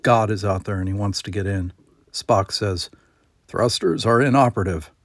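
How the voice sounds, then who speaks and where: A man reading screenplay stage directions aloud in a plain, steady manner. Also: low voice, moderate pace, no room sound, studio quality. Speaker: script reader.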